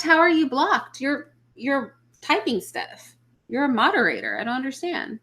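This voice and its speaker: Bright-voiced blunt woman chatting. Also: on the high side, lively intonation, moderate pace. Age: adult mother of children. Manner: blunt, opinionated, reads and answers viewer comments. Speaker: livestream host answering chat. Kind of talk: casual chat.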